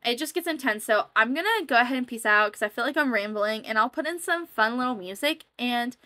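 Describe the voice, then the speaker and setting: A woman's voice: on the high side, expressive, fairly quick, bright, forceful tone, dry recording. A young woman casually rambling as she comments over her own gameplay footage, chatty and self-deprecating. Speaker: gaming YouTuber.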